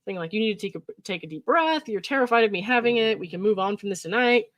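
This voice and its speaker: In a dry recording, a woman with a mid-range, slightly bright voice talks fast and expressively. As host, she reads text messages aloud with casual commentary, frequently laughing, reacting with exasperated asides, and mocking the quoted texts through exaggerated emphasis. Likes and ums come up constantly.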